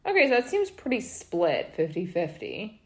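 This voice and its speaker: A woman co-hosting a casual podcast chat, skeptical and dry, quick to laugh. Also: lowish voice, wildly swooping pitch. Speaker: podcast co-host.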